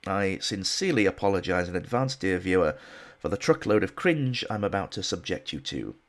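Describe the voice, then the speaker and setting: A man's voice: low-pitched, animated, a little fast. A man narrating a history documentary in a scripted style with dry, wry asides.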